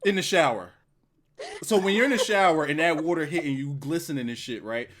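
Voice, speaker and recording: A man in his forties from the northeastern US hosting a casual call, teasing his guests with a loud, profane manner. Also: a little high, lively intonation, fairly quick, noisy background. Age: 40s. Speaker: host. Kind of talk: casual chat on a stream.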